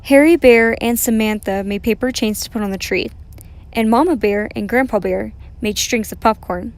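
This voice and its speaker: A woman reading a children's story aloud, gentle and expressive. Her voice sits a little high for a woman, clear and friendly. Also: moderate pace.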